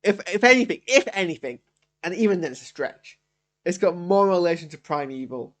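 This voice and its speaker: A man's voice: high voice, animated, fairly quick, fairly bright tone. A young man giving a live reaction review of a TV episode, rambling, self-interrupting and often exasperated. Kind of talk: live post-watch reaction.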